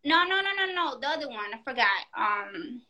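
A woman in casual chat, telling a story in an animated, profane way and acting out the quotes. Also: sits high, normal speed, muffled recording.

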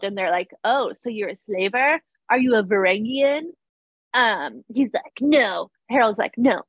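A young woman chats through a TV recap in a loose, giggly way, filling her sentences with "like." Her voice sits at a middle pitch and sounds close and dry, with no room around it. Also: no room sound, highs cut off. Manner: chatty, laughs often, fillers like "like". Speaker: podcast co-host recapping a TV episode. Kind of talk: casual chat.

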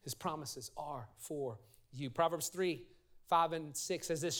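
A middle-aged man preaching a lively sermon as pastor, telling stories and leading his congregation in call-and-response. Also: a little high, a little slow. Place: church sanctuary.

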